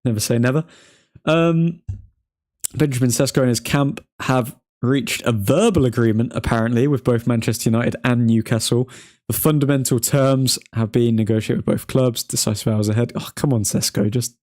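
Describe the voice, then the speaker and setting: A man's voice: medium pitch, steady tone, normal speed, darkish tone. Young male stream host, casual and chatty, reads updates aloud and hums between them. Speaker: livestream host reading transfer news. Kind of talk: casual live stream chat.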